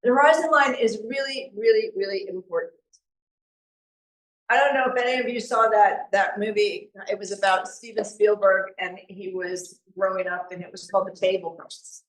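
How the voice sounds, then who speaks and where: A woman giving a live painting demonstration to an audience, talking in a relaxed, chatty way and thinking aloud as she works. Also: medium pitch, normal speed. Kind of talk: live art demonstration talk. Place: meeting room with an audience. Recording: echoey room recorded from far off.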